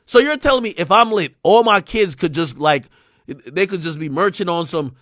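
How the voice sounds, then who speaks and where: Male streamer, young adult, high and very animated, rambling profane rants, dry mic. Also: moderate pace, no echo. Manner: animated, swings from mumbling to shouting. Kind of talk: live-stream commentary.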